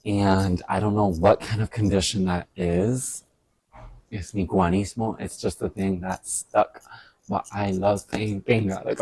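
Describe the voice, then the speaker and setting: A man talking in a casual stream-of-thought vlog, animated, swearing often and laughing at his own stories. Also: deep voice, unhurried, breathy edge, no echo. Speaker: vlogger.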